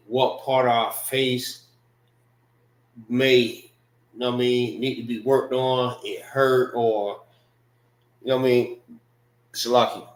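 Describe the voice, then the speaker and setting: A man teaches a language class at an unhurried pace, breaking words into syllables and repeating them. He talks loosely and conversationally. His voice carries a roomy echo from the space he is in. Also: mid-range voice. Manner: slow, repetitive, drills pronunciation syllable by syllable; loose, conversational phrasing with frequent "know what I mean".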